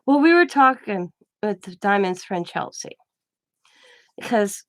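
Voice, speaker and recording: A woman's voice: mid-range voice, animated, a little slow, gravelly, long pauses, no room sound. A woman in her forties chats casually on her craft channel, winding through a story in loose, rambling talk. She breaks off words, starts sentences over, and keeps going. The sound is close and dry, with no room around it. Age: 40s. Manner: rambling storytelling with many restarts and laughs. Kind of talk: casual chat.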